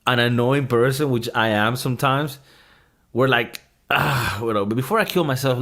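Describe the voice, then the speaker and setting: A man's voice: medium pitch, fairly bright tone. A man hosting a casual podcast chat, rambling and thinking aloud with many fillers and restarts, swearing freely and laughing often. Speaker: podcast host reviewing a movie.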